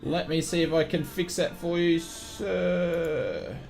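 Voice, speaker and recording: Aussie bloke streaming, high voice, upbeat and matey, faint music behind. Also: male voice, steady tone, slow pace, vocal fry, a little mellow. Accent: Australian. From Australia. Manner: upbeat, chummy, repeats welcomes. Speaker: flight sim streamer. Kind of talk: live-stream chat greeting viewers.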